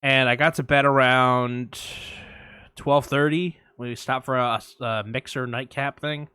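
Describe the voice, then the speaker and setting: Bright-voiced man telling a wild story. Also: medium pitch, unhurried, smooth, dry recording. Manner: animated storyteller, acts out quotes, swears a lot. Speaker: podcast co-host. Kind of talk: casual storytelling chat.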